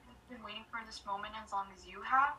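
A woman telling a story in casual chat, excited and rambling with many fillers and dropping to whispers for effect. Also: medium pitch, fast, recorded from a distance, crowd noise, rough recording. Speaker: storyteller recounting a fan meeting.

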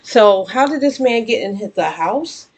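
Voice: mid-range voice, expressive, unhurried, slightly rough. An earnest vlogger talks directly to the audience in loose, casual commentary. The delivery is conversational, with plenty of restarts, and now and then it rises into emphatic, exasperated outbursts. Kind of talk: casual spoken commentary to viewers.

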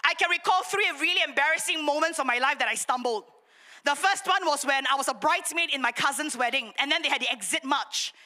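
Young woman pastor, high ringing voice, animated sermon delivery. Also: quick pace. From Singapore. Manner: animated storytelling, self-mocking with laughs and acted gasps.

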